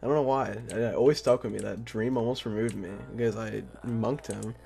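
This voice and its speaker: A young man streaming a game, chatting casually with a friend in a rambling way, full of fillers and quick laughs. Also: lowish voice, fairly even intonation, gravelly, dark tone. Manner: rambling, filler-heavy, giggly. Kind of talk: casual chat while gaming.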